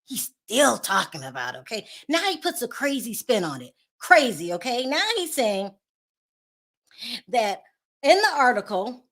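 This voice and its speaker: A woman with a slightly high voice talks straight to her audience in casual gossip commentary. She is sassy and sarcastic and keeps breaking into laughter at her own jabs. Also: very animated, unhurried, fairly bright tone. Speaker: commentary vlogger.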